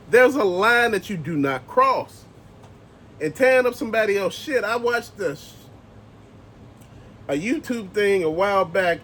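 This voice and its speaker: Profane ranting man, high voice. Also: fairly bright tone, slight background noise. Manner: profane, emphatic, heated ranting. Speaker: channel host. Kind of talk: ranting commentary vlog.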